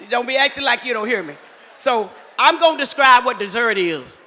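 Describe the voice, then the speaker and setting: A man, emceeing a live event with loud, teasing crowd banter on a handheld mic. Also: extremely high pitch, expressive, moderate pace. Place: large hall at a live event. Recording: echoey hall with faint ambient noise.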